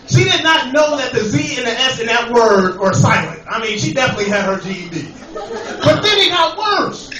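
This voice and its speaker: A man's voice: extremely high pitch, big pitch swings, normal speed, music in the background. A young man with a New York accent doing a profane stand-up comedy set and riffing with the crowd. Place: comedy club with a laughing audience. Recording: echoey club from far off with crowd.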